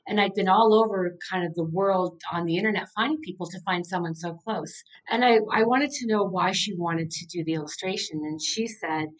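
A woman's voice: fairly low pitch, brisk, few pauses, poor audio. Earnest middle-aged woman telling her story. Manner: earnest, heartfelt storytelling with many "like" fillers. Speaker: author and coach, podcast guest. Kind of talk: casual interview conversation.

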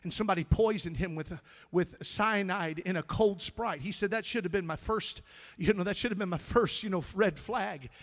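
A male pastor preaching a sermon, telling stories and swinging from hushed tones to loud, shouting climaxes. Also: high-pitched, normal speed. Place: church sanctuary.

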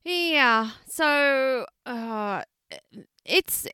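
Australian female co-host, animated and profane, high-ish bright voice, dry close sound. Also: extremely slow, clean tone, dry recording. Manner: animated, swears freely, laughs often. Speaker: podcast co-host. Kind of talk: casual chat.

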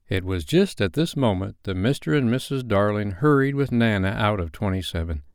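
A man reading a classic children's novel aloud as a bedtime story, in an expressive, lively manner. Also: lowish voice, moderate pace, hardly any pauses, clear, resonant tone, dry recording, clean studio sound.

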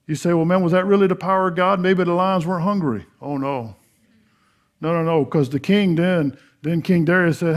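A middle-aged pastor with a fairly high pitch preaches at normal speed, narrating a Bible story in a folksy manner and acting out its dialogue. Loud emphasis alternates with hushed earnestness.

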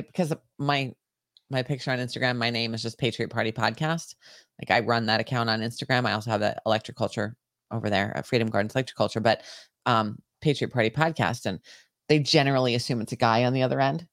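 A woman's voice: a bass voice, brisk, no echo, clean studio sound. A middle-aged woman co-hosting a podcast, chatting casually, laughing often and swearing through heated rants. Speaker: podcast co-host. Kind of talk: casual banter.

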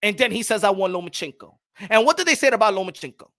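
A man hosting a boxing show, talking loud and profane, mocking critics and repeating himself. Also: high-pitched, lively intonation, quick pace, no echo, clean studio sound. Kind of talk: animated boxing commentary.

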